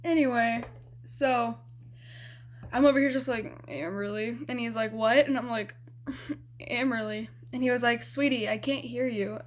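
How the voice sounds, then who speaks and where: A young woman with a fairly high voice tells a story to camera in a loose, chatty vlog. She giggles often and swears without a second thought. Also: steady tone, measured pace, pauses often. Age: young adult. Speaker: vlogger.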